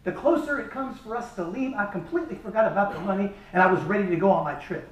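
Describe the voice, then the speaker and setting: Man, comic speech at an event, animated delivery; echoey hall, far mic. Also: sits high, quick pace, highs cut off. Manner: lively, animated storytelling. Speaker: speaker at a charity event. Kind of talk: humorous storytelling speech.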